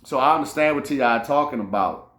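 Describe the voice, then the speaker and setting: A man riffs through a casual commentary monologue, profane and animated, circling back over his own words. His voice sits at a middling pitch. The room around him gives a noticeable echo. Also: a little fast. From New Orleans. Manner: animated, profane, rambling with restarts. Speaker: host.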